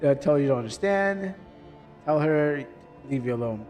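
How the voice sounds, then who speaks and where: A man commentating live on a game he plays, excitable and puzzled, swearing now and then. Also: on the high side, normal speed, faint music behind. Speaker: streamer.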